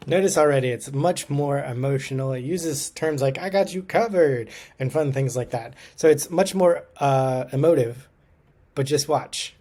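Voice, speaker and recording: A man's voice: medium pitch, normal speed, warm tone. A man giving a casual, upbeat tech commentary, talking conversationally with plenty of fillers.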